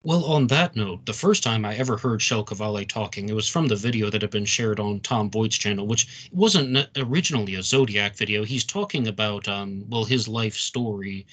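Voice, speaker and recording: Low-pitched man hosting a podcast. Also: moderate pace, hardly any pauses, a bit bright. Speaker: podcast host. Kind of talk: interview questions.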